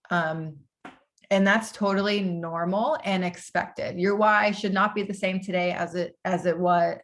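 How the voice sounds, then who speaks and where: A woman leading a motivational training call for new team members over video. She talks casually and upbeat, often laughing and saying "like.". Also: lowish voice.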